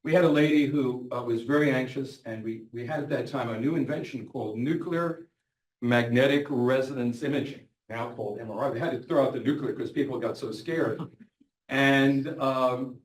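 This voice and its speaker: An older physician, telling anecdotes about patients and quoting them in lively voices. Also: male voice, mid-range voice, moderate pace, slight background noise. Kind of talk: storytelling talk. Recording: echoey room, from a distance.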